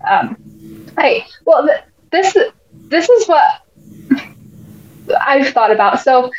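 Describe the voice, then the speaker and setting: An American woman hosting a casual podcast chat, rambling with many restarts and losing her train of thought. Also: sits high. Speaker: podcast host. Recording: muffled lo-fi podcast audio.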